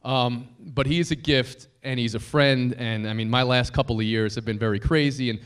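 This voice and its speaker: A man's voice: mid-range voice, fairly even intonation, normal speed, smooth. Joking, heartfelt man giving a speech. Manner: joking, self-deprecating storyteller; heartfelt, grateful tribute. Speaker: broadcaster giving a dinner speech. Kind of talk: anniversary dinner speech. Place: banquet hall dinner.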